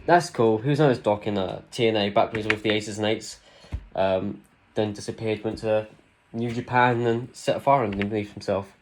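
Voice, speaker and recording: A man co-hosting a casual podcast, talking in an excitable, rambling way with plenty of fillers. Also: on the low side, moderate pace, noisy background. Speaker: podcast co-host. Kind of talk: casual wrestling podcast chat.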